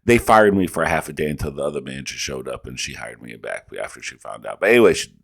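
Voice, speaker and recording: A man hosting a reaction video, telling stories in casual, profane, animated commentary. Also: rumbling low, fast talker, gravelly.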